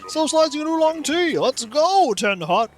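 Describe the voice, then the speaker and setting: Breezy game frog, male, chatty and cheerful , voiced by a streamer reading aloud, lively lilt. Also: sits high, moderate pace, pitched above the performer's own voice. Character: chipper wandering male frog villager.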